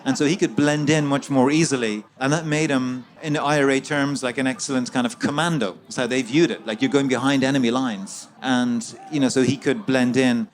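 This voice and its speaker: A man's voice: medium pitch, fairly even intonation, brisk, hardly any pauses. A man, an author guest in an interview, recounting a story at length with many fillers and restarts.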